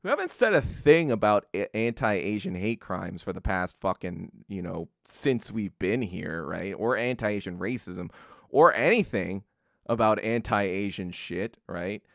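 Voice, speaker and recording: Bright, animated, profane ranting man. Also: fairly low pitch, gravelly, no room sound, clean studio sound. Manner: profane, contemptuous, rapid-fire tirade. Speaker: podcast host. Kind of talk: angry political rant.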